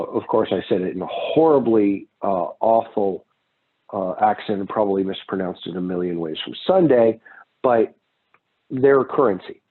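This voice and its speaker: A man lectures on economics in a loose, conversational way and often wanders into stories from his own travels. His voice is husky. The recording sounds thin and phone-like. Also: mid-range voice. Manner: casual, digressive, with personal anecdotes. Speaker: economics instructor.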